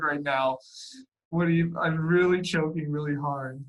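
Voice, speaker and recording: A man's voice: on the high side, fairly even intonation, a little slow, a bit bright, a little hiss or hum, poor audio. Young man, student tutor on a computer mic, casual and flustered, swears freely. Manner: casual and easily flustered, swearing and laughing at himself. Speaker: supplemental instruction leader.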